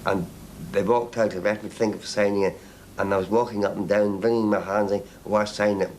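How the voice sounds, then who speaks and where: A man giving a halting archival interview, often repeating and restarting his words. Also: fairly low pitch, steady tone, a little mellow, a little hiss or hum, poor audio.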